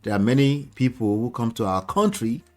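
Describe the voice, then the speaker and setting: A man at a mid pitch reads a news report at an even, steady pace. He reads out quoted remarks and then turns to chat with a co-host. Soft music plays faintly behind him. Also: normal speed. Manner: reads quotes aloud, laughs at his own attempt at a British accent. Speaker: news presenter.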